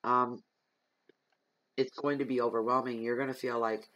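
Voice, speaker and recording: A man's voice: medium pitch, little pitch movement, moderate pace, pauses often, bright, forceful tone, no echo, rough recording. A man giving a general tarot reading, talking straight to his listeners in an earnest, rambling way with frequent ums. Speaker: tarot reader.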